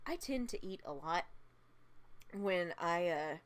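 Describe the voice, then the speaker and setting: A woman's voice: on the low side, expressive, slow pace. A tired woman vlogging a casual film review, gushing, laughing often and repeating herself.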